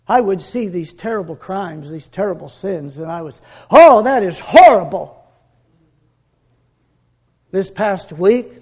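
A man preaching a sermon with earnest conviction, dropping to a hush and building to emphatic peaks. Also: high-pitched.

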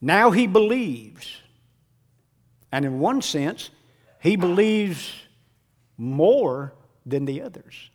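A man preaching a sermon in a dramatic way, dropping to a hush and then rising to shouts. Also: sits high, lively intonation, extremely slow, pauses often. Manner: dramatic, swings from hushed to shouting.

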